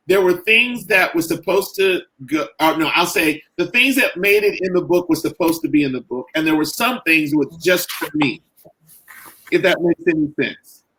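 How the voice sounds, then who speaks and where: A middle-aged man, a caregiver and author, talking earnestly in a podcast interview, halting and full of "you know" and "like". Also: a little high, bright, forceful tone, rough recording.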